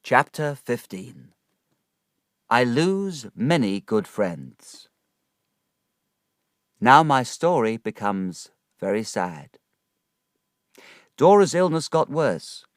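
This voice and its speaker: A man narrating a simplified story for learners of English in a measured, clear reading. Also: medium pitch, dry recording, clean studio sound.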